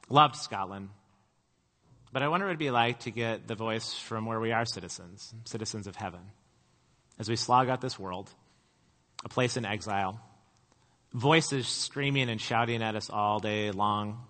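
A middle-aged pastor preaches a sermon in a pushed, bright voice of medium pitch, telling stories casually and conversationally with self-deprecating humor. A long hall reverb trails his words.

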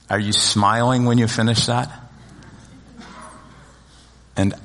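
A man's voice: medium pitch, slow pace, long pauses, slight background noise. A middle-aged man preaching a sermon, telling humorous stories and joking with the congregation in a church. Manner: storytelling with humor, lively asides to congregation. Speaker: pastor. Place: church sanctuary. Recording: long hall reverb.

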